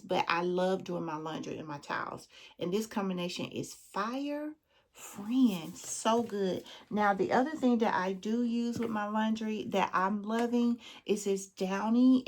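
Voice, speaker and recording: Chatty Southern woman vlogger. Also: mid-range voice. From Southern United States. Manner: chatty, calls viewers friend and girl. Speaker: beauty vlogger. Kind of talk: casual chat.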